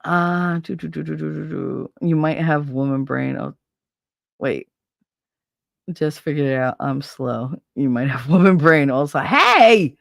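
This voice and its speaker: A woman with a gravelly, creaky voice chats through a story in a blunt, profane way. She slips into quick impressions of the people involved. Her voice sounds dry and close, with no room echo. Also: sits low, steady tone. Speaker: podcast host. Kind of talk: casual storytelling chat.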